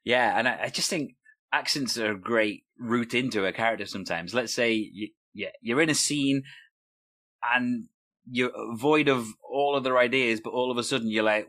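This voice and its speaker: A man's voice: mid-range voice, moderate pace, fairly bright tone. A man hosting a casual chat about improv, easygoing and using filler phrases. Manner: easygoing, uses fillers like sort of. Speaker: host, improv group member. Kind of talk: casual conversation.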